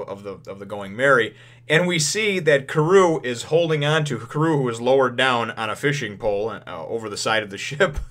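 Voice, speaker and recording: Retelling a manga chapter's plot in a casual spoken review, a man with a medium-pitched, fairly bright voice rambles along, laughing frequently and leaning heavily on fillers.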